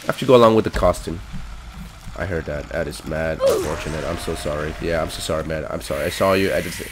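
A gaming YouTuber with a rumbling low voice talks fast over background noise from a hot room at home. Excitable and easily spooked, he addresses viewers and mutters to himself while looting in casual let's-play commentary.

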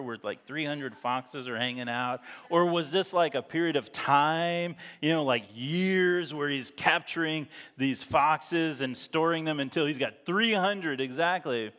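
Pastor, casual and jokey, slightly high voice, long church reverb. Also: male voice, fairly bright tone. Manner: joking, laughing asides while reading scripture. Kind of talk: sermon. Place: church sanctuary.

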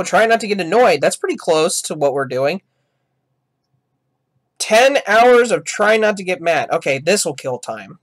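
A man vlogging casual reaction commentary for his gaming channel, rambling and restarting his sentences as he talks. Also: on the high side. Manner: rambling, restarts sentences, yells "no" and "ah" at loud sounds. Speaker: gaming YouTuber.

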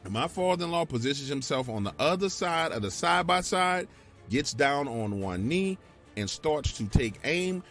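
Man, emphatic storyteller, true scary story, lively pitch, faint music underneath. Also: moderate pace. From Louisiana, US. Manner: emphatic, animated, talks straight to the listener. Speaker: guest telling his own encounter.

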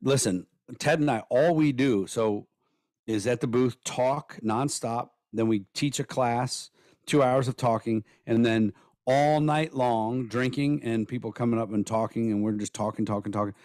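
A man co-hosting a casual podcast, rambling and blunt with plenty of swearing, his voice worn hoarse from days of nonstop talking. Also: mid-range voice, moderate pace, a little mellow, no room sound, studio quality. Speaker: podcast co-host.

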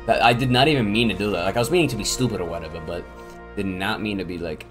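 A young man, a gaming YouTuber and streamer, gives casual let's-play commentary from home in a lowish voice, talking rapid-fire over music. He gets hyped, swears freely, and chats to himself and his game creatures.

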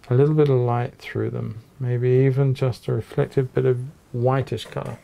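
A man narrating an oil painting tutorial from his small home studio, chatting in a relaxed way while he paints at his easel. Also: medium pitch, creaky. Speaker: painting teacher.

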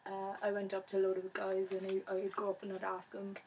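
A woman's voice: medium pitch, completely flat delivery, fast talker, a little mellow, slight background noise, poor audio. A young woman chatting casually to camera in her vlog, bubbly and talkative. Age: young adult. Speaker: vlogger.

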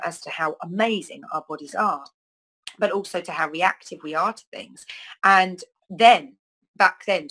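A woman's voice: on the low side, bright, forceful tone, poor audio. A middle-aged woman, talking casually to camera about wellness, rambling with many ums and restarts. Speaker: wellness talk host. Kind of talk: casual spoken talk to camera.

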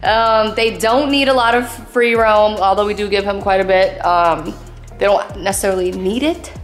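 Brief: young woman vlogger, upbeat and chatty, mid-range pitch, casual home talk. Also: steady tone, normal speed, soft background music. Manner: upbeat, chatty, explains to viewers. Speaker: vlogger, pet owner. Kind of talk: casual vlog chat.

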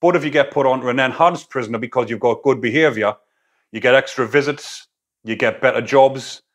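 A man's voice: medium pitch, fairly quick. A man, a former prisoner, giving a blunt, casual opinion monologue full of prison slang. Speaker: YouTube commentator, former prisoner.

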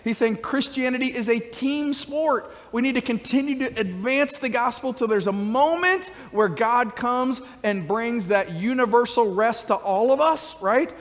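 A man preaching a sermon as a pastor, with energetic, conversational delivery and frequent call-outs to the congregation. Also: extremely high pitch, in a large hall. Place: church sanctuary.

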